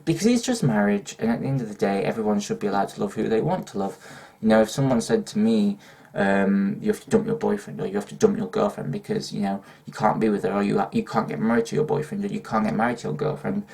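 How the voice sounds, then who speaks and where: A man's voice: lowish voice, fairly quick, creaky, a little mellow, husky. A young man with a northern English accent, chatting hyperactively in a Q&A vlog, swearing and laughing often. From northern England. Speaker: YouTuber. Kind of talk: casual Q&A vlog.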